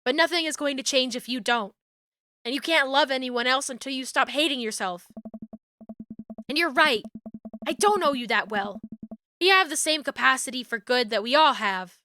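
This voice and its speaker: Brief: high-voiced woman streamer, bright and laughing, reading a story game over soft music. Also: lively intonation, normal speed, pauses often. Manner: laughs a lot, swears, reads dialogue aloud.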